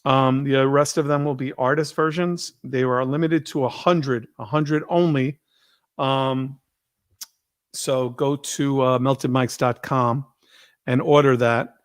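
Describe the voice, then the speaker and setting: A man hosting a live stream, telling stories in a casual, profane, animated way. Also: medium pitch, takes it slowly, smooth, no echo, clean studio sound. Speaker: host.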